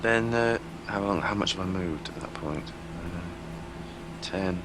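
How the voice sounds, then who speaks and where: A man's voice: deep voice, a little slow, heavy background noise. A man playing a tabletop game, hesitant and planning his moves aloud with many fillers. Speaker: player.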